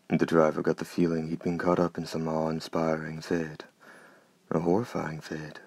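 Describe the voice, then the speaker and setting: A man narrating an audiobook in a measured, steady, unhurried way. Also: rumbling low, no echo.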